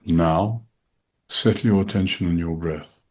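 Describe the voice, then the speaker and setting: A very deep male voice leads a meditation, unhurried and soft-spoken. He is a middle-aged man, calm as he guides the listener. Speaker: shaikh leading guided meditation. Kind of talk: guided meditation and dhikr instruction.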